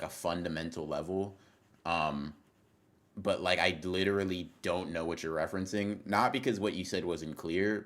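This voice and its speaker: A man's voice: deep voice, fairly bright tone. A young man livestreaming, chatting casually with his viewers in a rambling, profane way that keeps interrupting itself as he reacts to chat.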